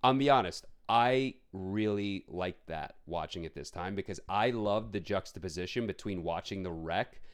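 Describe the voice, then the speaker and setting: A lowish-voiced man co-hosting a casual film podcast. He talks bluntly and swears freely, and he keeps slipping into quick put-on voices as he acts out scenes. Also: clean tone. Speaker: podcast co-host. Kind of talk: casual film review chat.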